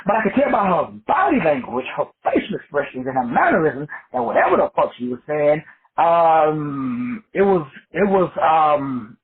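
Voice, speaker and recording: A man's voice: a little high, sing-song, moderate pace, husky. A man teaching metaphysics in a casual, profane storytelling talk, looping back with stammered restarts. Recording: tinny phone-like lo-fi sound.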